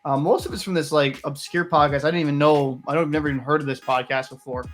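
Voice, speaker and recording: A man's voice: a little high, fairly even intonation, fast talker, faint music behind. Candid young man reacting casually. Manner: candid, rambling, swears freely. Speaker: reaction video host. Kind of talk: casual commentary.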